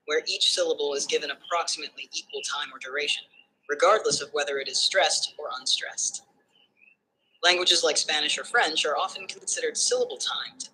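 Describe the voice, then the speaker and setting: A bright, crisp synthetic voice explains concepts in tidy numbered points with an even, smooth delivery. Faint background noise sits under it. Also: medium pitch, poor audio. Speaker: AI assistant answering questions. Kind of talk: structured explanatory answers.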